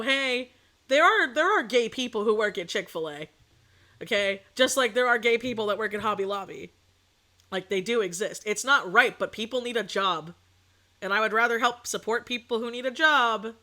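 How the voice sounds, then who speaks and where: A young woman chats on her stream in a bright, higher voice, outspoken and animated as she tells a story. Her throat is sore, but she keeps talking bluntly and casually. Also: moderate pace. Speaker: VTuber streamer. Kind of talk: casual chat.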